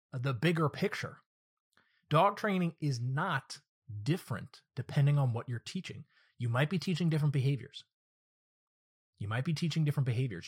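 A man delivers a solo podcast monologue as a working dog trainer. His voice is slightly husky and sits in an ordinary middle pitch. He speaks directly and earnestly, teaching his listeners through his own stories.

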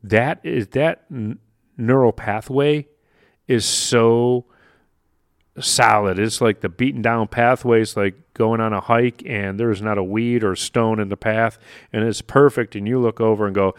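A man's voice: on the low side, fairly even intonation, measured pace, clear, resonant tone, dry recording, clean studio sound. A man hosting a motivational podcast, talking animatedly and acting out inner voices, laughing at himself now and then. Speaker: podcast host. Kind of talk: motivational solo podcast talk.

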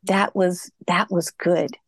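A woman's voice: on the low side, flat delivery, creaky, no echo, clean studio sound. A middle-aged woman telling her personal story as an interview guest, reflective and earnest. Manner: reflective, earnest, slow in places.

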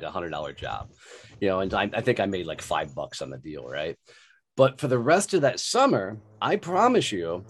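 Low-voiced texas guy, middle-aged, swears a lot, telling stories, voice jumps around. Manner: profane, colorful storyteller. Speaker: podcast guest. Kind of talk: casual storytelling.

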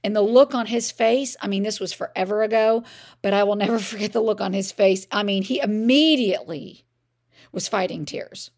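A woman's voice: medium pitch, normal speed, a little mellow. A middle-aged woman hosting a parenting podcast, telling a personal story in a conversational way, often saying "I mean" and "like".

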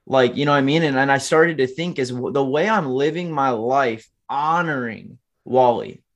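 A man's voice: mid-range voice, moderate pace. Earnest young man telling his story. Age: 20s. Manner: earnest, motivational, addresses listeners as "guys". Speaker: podcast guest, entrepreneur. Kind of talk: candid storytelling interview.

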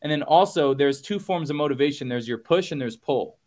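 A man's voice: a little high, expressive, a little fast, a little mellow. A man coaching on goals in a motivational podcast talk, punchy and emphatic, repeating phrases for effect and casually calling listeners y'all. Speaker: business coach guest.

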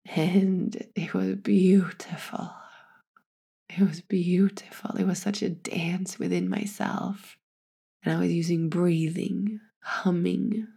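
A woman telling her own birth story in a slow, meditative, soft-spoken way that sinks into whispers. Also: lowish voice, vocal fry, breathy edge. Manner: drops into whispers. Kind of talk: personal storytelling.

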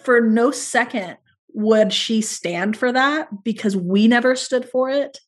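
A woman's voice: on the high side, takes it slowly. A woman speaking as a podcast guest, earnest and reflective, talking through her parenting in long flowing thoughts. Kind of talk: podcast interview conversation.

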